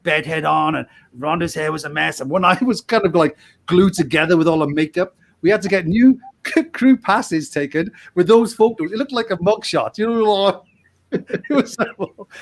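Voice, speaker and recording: A young man, a podcast guest, telling a casual story in a rambling way and laughing often mid-sentence. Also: high-pitched.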